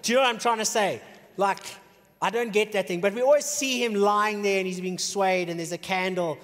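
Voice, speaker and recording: A male pastor preaching a sermon in an animated way, swinging between shouted peaks and hushed, low passages. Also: fairly quick, big-room sound. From South Africa. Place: church auditorium.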